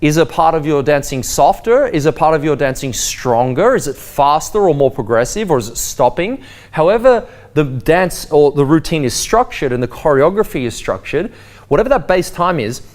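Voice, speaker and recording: A man teaching a waltz lesson, explaining timing and counting beats aloud with a sing-song lilt. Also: a little high. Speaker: dance teacher. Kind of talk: spoken dance lesson. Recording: faint waltz music behind. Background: waltz music.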